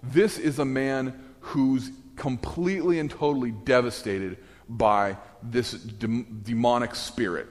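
Male preacher, chatty and animated, mid pitch, long church-hall reverb. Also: slow. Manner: conversational, animated, with asides and restarts. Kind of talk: sermon. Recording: echoey hall.

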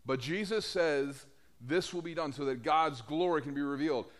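A man's voice: on the high side, normal speed. A man preaching a sermon in a conversational way, asking the congregation questions.

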